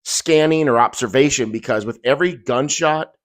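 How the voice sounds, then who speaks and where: A man's voice: medium pitch, moderate pace. A middle-aged man, a rideshare driver, telling his own story in agitated, profane, intense bursts. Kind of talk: emotional first-person storytelling.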